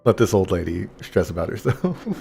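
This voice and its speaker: A man's voice: low voice, animated, normal speed, creaky, dark tone, faint music behind. A young man casually telling a rambling, profane story while gaming, full of fillers. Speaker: gaming streamer.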